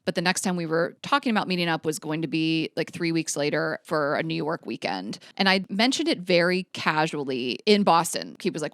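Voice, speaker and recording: A woman co-hosting a podcast, chatting candidly and telling a dating story with lively acted-out thoughts. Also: sits low, brisk, hardly any pauses, no echo, clean studio sound. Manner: animated storytelling, acts out her own past thoughts. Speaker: podcast co-host. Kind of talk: candid casual chat.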